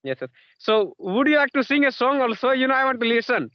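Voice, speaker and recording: A man's voice: very high voice, very animated, brisk, dry recording, highs cut off. A man interviewing in casual conversation practice, repeating himself and filling gaps with "you know" and "yes, yes".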